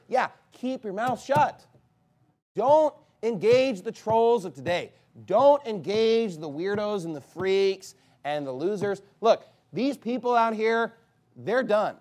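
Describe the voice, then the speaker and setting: A high-pitched man preaching in church with heat and contempt. His delivery swings between sharp, loud outbursts and low, muttered asides. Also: expressive, normal speed. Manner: fiery, scornful preaching with sudden loud bursts. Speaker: pastor. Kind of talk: sermon.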